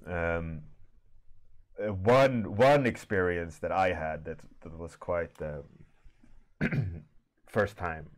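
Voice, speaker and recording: A man streaming an art warmup and chatting casually with his live audience, telling stories in an easygoing, unhurried way. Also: deep voice. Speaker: artist streaming a warmup session.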